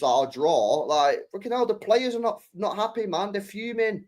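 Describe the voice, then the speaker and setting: A man's voice: sits high, a little fast, few pauses, darkish tone. A young man talking casually on a live stream as a football fan, passionate, swearing and repeating his points.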